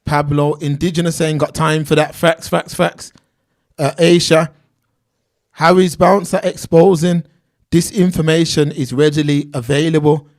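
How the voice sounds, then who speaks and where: Stream host, man, slightly high voice, reads chat aloud in loose slang. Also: steady tone, a little slow, darkish tone. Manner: reads out viewer names and comments, street slang. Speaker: livestream host reading chat. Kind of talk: casual livestream chat.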